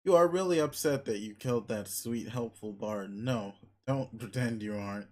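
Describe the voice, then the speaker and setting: A man's voice: mid-range voice, moderate pace, darkish tone. Man giving dry, mocking narration. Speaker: webcomic reader. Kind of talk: reading a webcomic aloud.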